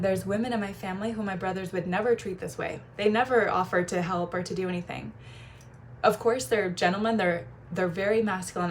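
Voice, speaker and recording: A young woman coaching her listeners in a relaxed, chatty talk. Her pitch sits in the middle, and she tells stories with lively energy, slipping into other voices for quotes. There is a faint background hiss. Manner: animated storyteller, shifts voice when quoting people. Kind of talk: casual advice talk with personal storytelling.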